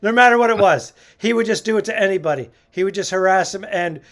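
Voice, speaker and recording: Male podcast host; high voice, easy chat, reminisces, laughs a lot. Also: fast, a bit bright. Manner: chatty, laughs often while reminiscing.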